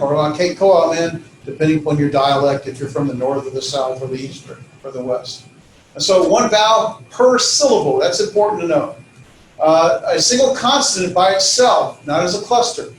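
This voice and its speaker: A man's voice: a little high, slight background noise. A man teaching a classroom lecture, informal and full of fillers and self-corrections. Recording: echoey classroom from far off.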